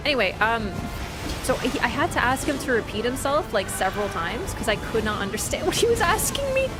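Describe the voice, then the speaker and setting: A young woman streaming a game, chatting casually and telling travel stories with animated swings into quoted voices. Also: on the high side, fairly quick, over loud music. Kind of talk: casual chat while gaming.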